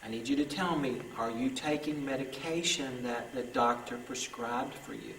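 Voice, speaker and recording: A man working as a paranormal investigator, coaxing unseen spirits with gentle, pleading, repetitive talk inside a derelict island building. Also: medium pitch, normal speed, a little hiss or hum, rough recording. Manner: gentle, pleading, repeats himself.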